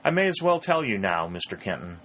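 Candid young soldier, frank, storybook, man reading, lowish voice. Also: sing-song, a little fast, a bit bright, slight background noise.

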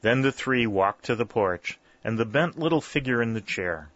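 A man narrating a story in a steady, measured reading. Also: mid-range voice, no echo. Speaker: audiobook narrator. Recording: dull, lo-fi dry recording.

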